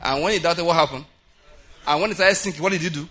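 Bright, husky-voiced male preacher. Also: a little high, a little fast, long pauses. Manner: animated, laughing often, acts out quoted voices. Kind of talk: sermon. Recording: prayer meeting hall.

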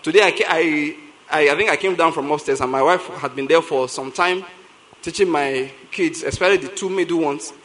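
A middle-aged Nigerian man with a Nigerian English accent, a pastor preaching a sermon in an animated storytelling way, repeating lines for emphasis. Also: a little high, fairly quick, rough recording.

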